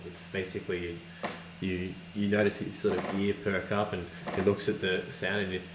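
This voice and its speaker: Low-voiced rambling game master. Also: male voice, flat delivery, normal speed. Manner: rambling, with many restarts and fillers. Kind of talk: narrating a tabletop game. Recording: echoey room with background hiss.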